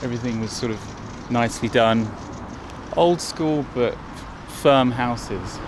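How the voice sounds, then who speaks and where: An English man talks casually to camera while travelling through a town. He rambles in a chatty way at an ordinary pitch. Faint street and traffic noise runs behind him. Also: a little slow. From England. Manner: chatty and rambling, speaks to the viewers directly. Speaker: travel vlogger. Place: outdoors in a town and on a bus.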